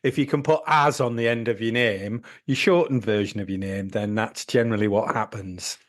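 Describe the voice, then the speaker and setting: A man's voice: fairly low pitch, fairly even intonation, normal speed. A middle-aged man co-hosting a podcast, making wry jokes in casual chat. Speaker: podcast co-host.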